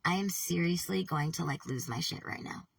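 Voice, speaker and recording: A woman vlogger talking casually to camera, swearing heavily in an animated, worked-up way. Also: fairly low pitch, moderate pace, gravelly, distant mic, slight background noise, rough recording. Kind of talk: casual vlog monologue.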